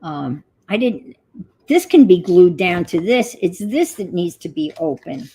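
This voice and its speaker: Husky, unhurried older woman crafting. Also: lowish voice, sing-song, warm tone, poor audio. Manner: talks to herself while working, muttering asides. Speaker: craft livestream host. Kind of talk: casual crafting livestream chat.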